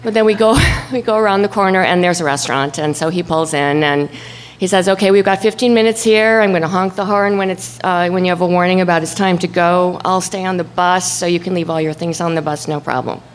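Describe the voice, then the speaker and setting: A woman telling a personal story at a live event, acting out her own shouts and the voices of the people in it. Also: on the low side, fairly quick, slight background noise. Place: stage before an audience.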